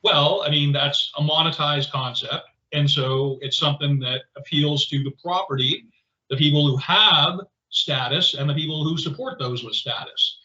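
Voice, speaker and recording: Male podcast co-host, rambling and animated, bright edge, a bit high, in a roomy space. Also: normal speed. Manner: rambling, animated, many fillers and restarts. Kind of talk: casual conversational chat. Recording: roomy, slightly dull podcast audio.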